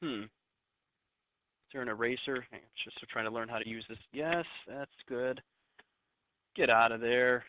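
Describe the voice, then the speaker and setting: A man's voice: mid-range voice, level tone, a little fast, long pauses, narrow, tinny audio, noisy background. A man teaching a math lesson to his class in a recorded video, chatty and joking with his students as he works through the steps.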